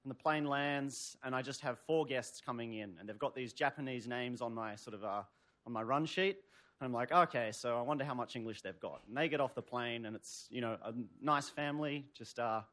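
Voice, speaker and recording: A man's voice: medium pitch, fairly quick, fairly bright tone. A man telling a story live on stage, rambling with lots of "sort of" fillers and wry humor. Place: stage before a live audience.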